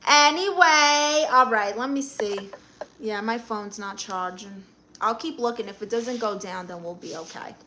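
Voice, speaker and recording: Sassy Brooklyn woman with a bright voice. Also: medium pitch, a little hiss or hum. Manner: sassy, blunt, quick comebacks. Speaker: live stream host. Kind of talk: casual live-stream chat reading comments.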